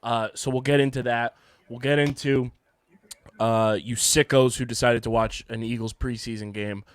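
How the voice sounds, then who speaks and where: A man hosting a casual sports podcast, hoarse from having partly lost his voice, ranting and joking at himself. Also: medium pitch, steady tone, normal speed. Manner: ranting, self-mocking banter. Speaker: podcast host. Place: home studio.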